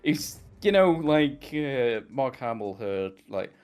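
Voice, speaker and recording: A man's voice: medium pitch, big pitch swings, takes it slowly, a little mellow, clear, resonant tone, soft background music. A man co-hosting a podcast, chatting loosely about a cartoon series, rambling and swearing casually. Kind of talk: casual chat.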